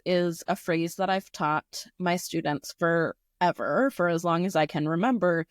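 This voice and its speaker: A woman's voice: on the low side, a little slow, no echo, studio quality. A woman who teaches, chatting casually and telling a classroom story with lots of fillers. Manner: animated storyteller, many "like" fillers. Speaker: podcast co-host, teacher.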